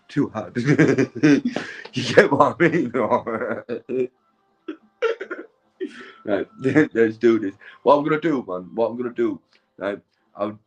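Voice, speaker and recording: A middle-aged man, drunk and high, rambling and swearing to his livestream viewers from his sofa at home. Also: darkish tone, slightly rough, poor audio. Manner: rambling, swearing, keeps asking "do you know what I mean". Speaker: livestream host. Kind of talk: rambling casual livestream chat.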